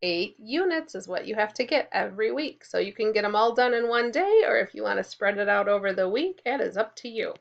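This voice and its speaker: A woman teaching a kindergarten class in a recorded lesson, speaking clearly and encouragingly and prompting the children to repeat after her. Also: mid-range voice, lively intonation, brisk, hardly any pauses, highs cut off.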